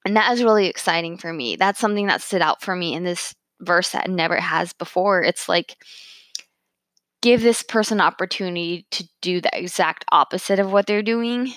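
A woman's voice: lowish voice, moderate pace, fairly bright tone, no echo. A woman talking casually and reflectively, full of fillers and asides where she quotes herself. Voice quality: chatty, many fillers, quoting herself in asides. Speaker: speaker reflecting on a Bible verse. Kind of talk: casual personal talk.

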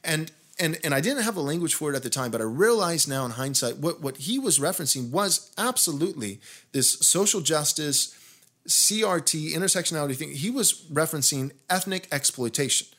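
A pastor from the United States, his voice a little high and a little fast, tells a lengthy story while chatting on his podcast. Growing indignant, he gets more heated and animated, restarting again and again.

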